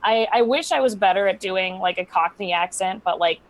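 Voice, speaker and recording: A woman's voice: medium pitch, normal speed. A young woman, a guest dungeon master, in casual chat, bubbly and giggly with lots of fillers.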